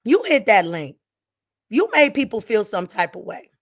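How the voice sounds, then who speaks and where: A woman hosting her channel, ranting angrily at someone. She repeats herself, swears, and swings from low muttering to shouting. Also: very animated, normal speed, dry recording, studio quality. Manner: swears freely, addresses viewers directly. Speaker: channel host. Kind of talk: heated direct-to-camera rant.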